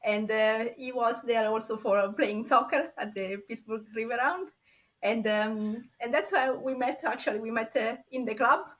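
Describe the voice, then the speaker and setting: A woman with a strong Italian accent talks casually as a podcast guest. Her pitch sits a little high, and she chats freely with frequent laughs. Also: moderate pace. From Italy. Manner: chatty and warm, laughs often. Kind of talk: casual interview chat.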